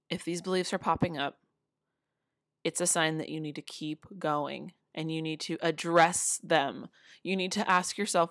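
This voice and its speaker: Woman, low voice, dry close sound, earnest casual vlogger. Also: steady tone, normal speed, fairly bright tone, no room sound. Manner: earnest, many fillers, with laughs. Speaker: motivational speaker. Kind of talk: casual talk to camera. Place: city home.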